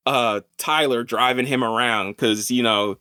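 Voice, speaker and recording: A man hosting a casual film podcast, talking in an animated, slangy way with plenty of swearing. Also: medium pitch, a little slow, clear, resonant tone, no echo, studio quality. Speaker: podcast host, film reviewer. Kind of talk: casual chat.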